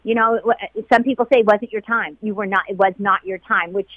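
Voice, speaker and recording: A woman's voice: medium pitch, fairly even intonation, no echo. Tearful woman recalling a painful day. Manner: tearful, halting, repeats herself. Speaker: flight attendant interviewee. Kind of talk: emotional personal recollection. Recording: dull lo-fi sound.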